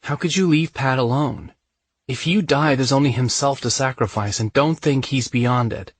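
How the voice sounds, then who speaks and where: A man's voice: mid-range voice, moderate pace, breathy edge, no room sound, pitched above the performer's own voice, natural voice. A man voicing a frightened, bitter young woman in a romance audiobook, speaking with pleading emotion. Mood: upset, bitter. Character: young woman, frightened then tender lover.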